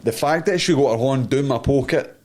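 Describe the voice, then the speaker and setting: A man's voice: mid-range voice, fairly quick, darkish tone, a little hiss or hum. A Scottish man co-hosting a podcast, telling a crude story in casual chat and laughing often. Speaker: podcast co-host.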